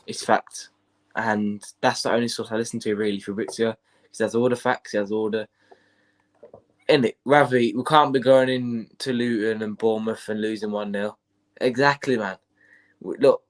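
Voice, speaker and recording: A man co-hosting a casual football stream, stuffy with hay fever and a bug, repeating his points in a laid-back way. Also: mid-range voice. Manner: laid-back, repetitive, fan talk. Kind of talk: casual chat.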